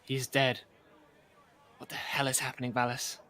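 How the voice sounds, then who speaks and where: A man's voice: medium pitch, monotone, moderate pace, pushed and bright, close to an everyday voice. A man as a blunt, exasperated adventurer. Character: gruff, exasperated male adventurer.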